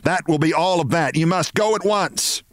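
A man's voice: fairly high pitch, sing-song, measured pace, dry recording, clean studio sound, voice pushed up. A man voicing a haughty, brash middle-aged office woman who scolds shrilly. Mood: indignant.

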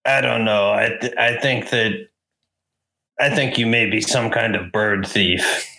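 A man playing a tabletop game, talking in character, skeptical and halting, with stammered restarts. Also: lowish voice, creaky, bright, forceful tone, rough recording.

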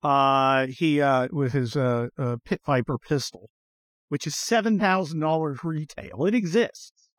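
A man's voice: a little high, a little slow, dry recording. A man hosting a podcast from inside a car, giving blunt, profane opinions in a rambling, casual way with lots of fillers. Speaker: podcast host.

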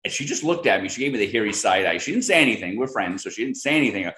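Deep-voiced rambling man, roomy echo. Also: animated, racing, bright, forceful tone. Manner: rambling, many fillers and restarts. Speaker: guest product expert. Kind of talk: casual interview chat.

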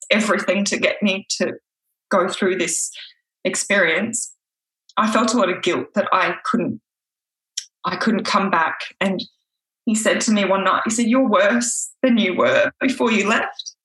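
A woman, telling an emotional personal story in a halting way, restarting and searching for words. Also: mid-range voice, fairly bright tone, rough recording.

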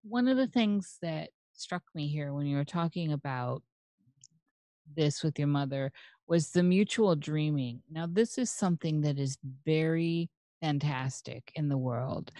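A woman's voice: low-pitched, measured pace, dark tone, no echo. A woman hosting an interview, asking curious questions and laughing along. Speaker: podcast host. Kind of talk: conversational interview.

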